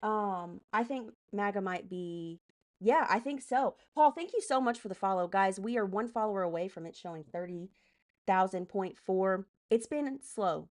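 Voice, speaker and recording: A woman's voice: medium pitch, lively intonation, darkish tone. A woman live streamer doing political commentary, heated and profane, breaking off to greet chat and direct moderators. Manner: heated, profane, rapid asides to chat and mods.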